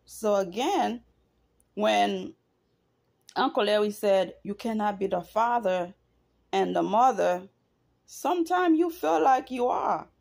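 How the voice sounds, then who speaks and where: A woman's voice: medium pitch, animated, slow pace, gravelly, pauses often, a little mellow. A middle-aged woman talking straight to camera in an emotional, earnest personal monologue, repeating herself for emphasis. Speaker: vlogger.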